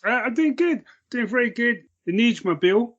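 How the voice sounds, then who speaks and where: A man's voice: extremely high pitch, animated, moderate pace, a bit bright, highs cut off. A man hosting a morning podcast, bantering in a dry, joking way. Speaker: podcast host. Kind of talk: casual chat.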